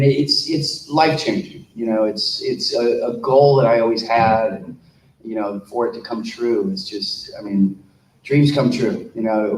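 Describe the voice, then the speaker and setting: A man chats through an anecdote as an actor guest on a convention panel. His voice sits at mid pitch and is picked up far from the mic. The echoey room carries a faint hum. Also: a little mellow. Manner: chatty, leans on fillers.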